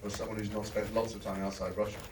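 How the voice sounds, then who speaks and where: A man on a convention panel, answering an audience question in an articulate, explanatory way, with quick restarts. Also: lowish voice, little pitch movement, background noise. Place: large convention hall. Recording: echoey hall from far off.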